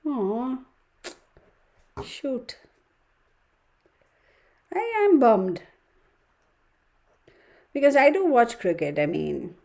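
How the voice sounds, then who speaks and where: A woman's voice: fairly high pitch, very animated, very slow, vocal fry, pauses often, darkish tone. Woman, casual livestream chat, tarot reader, talks to viewers, mutters numbers under her breath.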